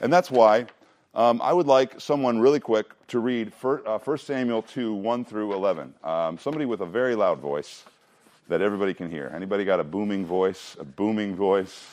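A man's voice: lowish voice, a little fast, darkish tone. A man leading a Bible study, teaching casually, asking the group questions and joking as he goes. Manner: conversational, asks the room questions, jokes, restarts.

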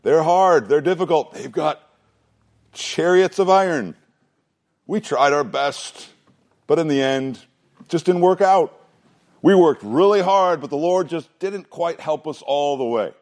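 A preacher voicing a group of discouraged Israelite men, whining and self-pitying. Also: male voice, a little high, lively intonation, a little slow, darkish tone, pitched above the performer's own voice. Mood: whiny. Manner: whiny, self-pitying complaint.

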